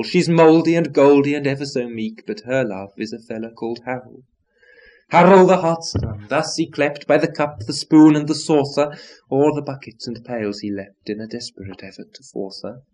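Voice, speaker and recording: A man reciting a long nonsense poem, declaiming with big swings between soft and loud lines. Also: mid-range voice. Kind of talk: dramatic recitation of nonsense verse.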